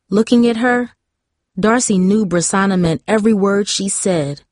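A woman reading a young-adult novel as audiobook narrator, in steady, even scripted narration on a close mic. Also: medium pitch, moderate pace, dry recording.

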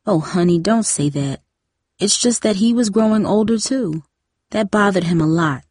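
A woman voicing a weary middle-aged mother who speaks softly and apologetically. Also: mid-range voice, normal speed, dry recording, studio quality, natural voice. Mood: rueful. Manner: soft, apologetic. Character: tired middle-aged mother, soft and rueful.

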